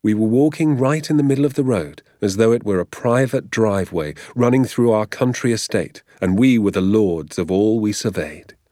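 A man narrating a storybook as an audiobook reader, in measured, lively storytelling. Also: lowish voice, no echo, studio quality.

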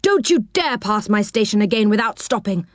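A woman's voice: mid-range voice, lively intonation, normal speed, no echo, studio quality, close to an everyday voice. Woman doing a cross railway guard. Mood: scolding. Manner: scolding, indignant.

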